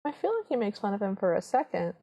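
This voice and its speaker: A woman's voice: mid-range voice, fast talker, vocal fry. A woman co-hosting a podcast, chatting casually as she retells scenes and acts out the characters' lines. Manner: animated storyteller, acts out quoted lines. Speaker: podcast co-host. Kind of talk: casual chat recapping a film.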